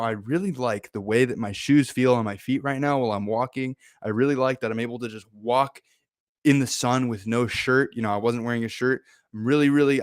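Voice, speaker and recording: A man's voice: mid-range voice, no room sound. Young male podcast host, mid-range voice, dry close mic, casual and playful storyteller. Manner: animated, playful, laughs and acts out his own excited exclamations.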